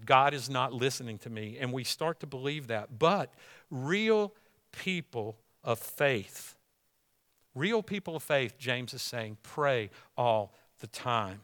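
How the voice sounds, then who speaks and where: Bright-voiced man preaching a sermon. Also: medium pitch. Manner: conversational preaching, swells to emphatic exhortation. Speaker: pastor.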